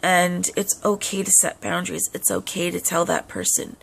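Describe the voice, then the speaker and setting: A woman's voice: lowish voice, very animated, moderate pace, vocal fry, husky. A young adult woman talking casually to camera as a vlogger, earnest and full of "um" fillers. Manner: frequent "um" fillers, earnest advice.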